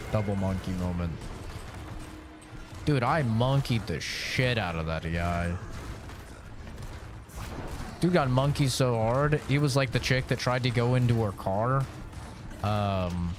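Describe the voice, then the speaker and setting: A man's voice: mid-range voice, animated, slow, long pauses, noisy background. A young man streaming a video game, joking, swearing and reading tooltips aloud. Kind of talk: casual gaming commentary.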